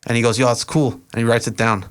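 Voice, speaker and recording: A young man, a podcast guest, telling stories in a relaxed, rambling way with lots of fillers. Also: mid-range voice, quick pace. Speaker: podcast guest, event organizer and rapper. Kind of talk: casual interview storytelling.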